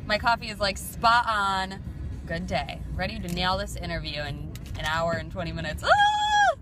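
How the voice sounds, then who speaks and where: A young woman vlogging in a car, bubbly and excited as she talks to her viewers. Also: lowish voice, normal speed. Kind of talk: casual talk to camera.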